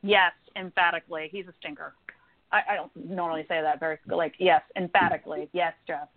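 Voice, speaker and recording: A woman's voice: fairly low pitch, fairly even intonation, fairly quick. A woman psychic medium giving call-in readings on the radio, talking emphatically and repeating words for stress. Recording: phone-line sound.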